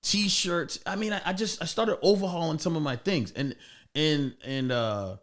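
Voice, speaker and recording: A man's voice: on the high side, normal speed, a bit bright. A man hosting a podcast, chatting casually and profanely with many restarts. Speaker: podcast host. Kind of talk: casual chat.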